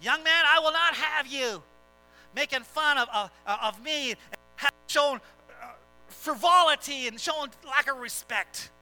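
A woman's voice: sits high, a little fast, sharp tone, soft background music. A male preacher voicing a strict old female schoolteacher who scolds a student in formal, prim words. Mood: scolding.

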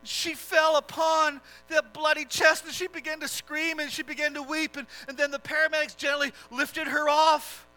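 A man's voice: extremely high pitch, level tone, normal speed, hardly any pauses, bright, forceful tone, soft background music, low-quality recording. A man preaching a dramatic sermon story, telling it with impassioned, swelling emphasis.

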